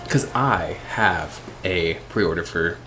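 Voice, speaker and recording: A sleepy man chatting casually and rambling while playing a game late at night, with sudden excited squeals. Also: deep voice, slow pace, music in the background. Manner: rambling, self-deprecating, bursts of excited squeals. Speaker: streamer.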